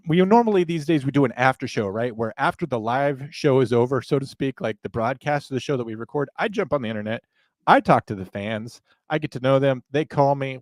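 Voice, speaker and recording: A man co-hosting a live podcast at a mid pitch, rambling from one joke to the next with the odd profane aside. The sound is close and dry, with no room around him. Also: no room sound. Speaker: podcast co-host.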